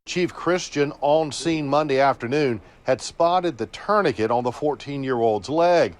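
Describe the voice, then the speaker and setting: A man reporting a local TV news feature, narrating in a measured, storytelling way. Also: on the high side, slight background noise.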